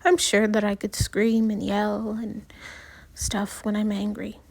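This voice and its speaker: A woman talking in a personal video diary with a small, soft voice that often drops near a whisper, halting and restarting as she speaks. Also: medium pitch, monotone, gravelly. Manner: halting, with many pauses and restarts. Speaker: vlogger.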